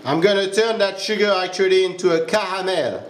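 A man's voice: high-pitched, a little fast, echoey room. A man with a French accent, a pastry chef giving a step-by-step cooking demonstration in a kitchen. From France. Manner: instructive, step-by-step, checks in with "huh?".

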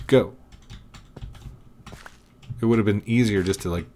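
A man's voice: fairly low pitch, a little slow, dark tone, slight background noise. A man giving casual commentary while playing a block-building game, coaxing an animal along with frustrated, repeated commands. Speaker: gaming video creator.

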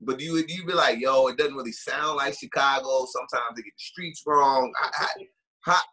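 A man's voice: medium pitch, a little fast, pushed and bright, slightly rough, rough recording. A man hosting a podcast, casually steering the talk with playful, emphatic questions. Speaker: podcast host leading the talk. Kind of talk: casual chat.

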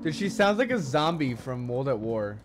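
A man streaming a horror game with friends, excitable and swearing, bursting into laughter. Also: medium pitch, normal speed, music in the background. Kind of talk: casual gaming chat with friends.

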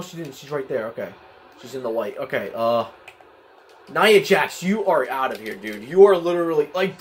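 A young man giving excitable, frustrated live commentary while playing a wrestling video game at home, often yelling at the screen. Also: a little high. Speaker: gaming channel host. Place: home, at a desk in a spinning chair.

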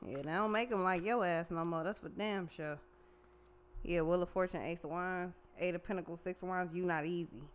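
A woman doing a casual tarot reading, profane and slangy, talking animatedly straight to the viewer. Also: lowish voice. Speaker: tarot reader.

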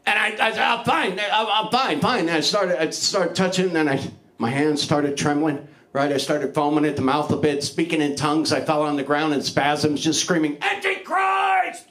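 A middle-aged man doing open mic stand-up comedy in a small club, loose and crude, mocking himself and shouting his punchlines. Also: fairly high pitch, steady tone, a little fast.

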